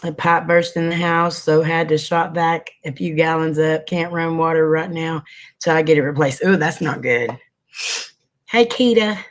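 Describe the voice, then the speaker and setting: A man hosting a casual livestream. He chats with viewers, greets them by name and sniffles now and then. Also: a little high. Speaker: livestream host.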